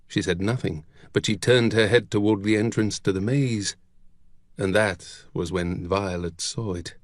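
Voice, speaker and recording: A man narrating an audiobook with expressive, dramatic storytelling. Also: lowish voice, unhurried, dry recording, studio quality.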